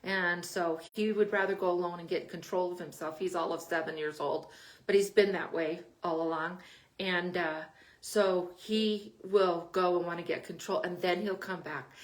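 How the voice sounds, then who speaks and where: A woman's voice: on the low side, fairly even intonation, moderate pace. An older woman hosting a podcast, giving parenting advice in a casual, chatty way with frequent laughs. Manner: chatty, laughs often between points.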